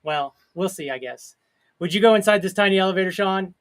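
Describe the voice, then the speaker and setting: A man's voice: high voice, a little fast. A man co-hosting a casual chat, telling stories and laughing often. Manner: jokey storyteller, laughs often. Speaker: podcast co-host.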